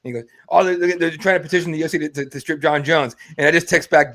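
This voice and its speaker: A man's voice: fairly high pitch, steady tone, very fast, hardly any pauses, fairly bright tone. A man co-hosting a sports podcast, laughing and telling stories with casual swearing. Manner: laughing, storytelling, profane. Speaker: podcast co-host.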